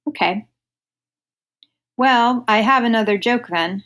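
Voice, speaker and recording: A woman's voice: mid-range voice, unhurried. A woman from the United States, a comedian guest on a podcast, chatting casually and telling jokes dryly in setup-and-punchline form.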